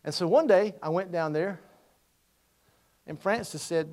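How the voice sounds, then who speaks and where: Male preacher, middle-aged, slightly high voice, folksy storyteller with big swings in loudness. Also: measured pace, pauses often. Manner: folksy, swings from quiet asides to loud exhortation. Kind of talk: storytelling sermon.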